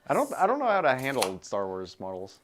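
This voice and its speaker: A man playing a tabletop wargame on a live stream, joking in relaxed banter with the other players. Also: mid-range voice, fairly quick. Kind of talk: casual live battle report chat. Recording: noisy live stream audio.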